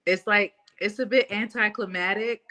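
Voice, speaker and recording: A woman's voice: medium pitch, steady tone, normal speed, pushed and bright. A woman boxer, tired late at night, giving brief upbeat answers in a remote interview. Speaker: boxer guest.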